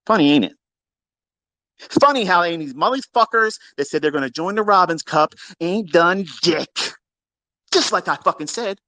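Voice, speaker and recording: A man hosting a live audio space, ranting in a profane, combative, boastful way and swinging between low mutters and shouts. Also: sing-song, normal speed, no echo.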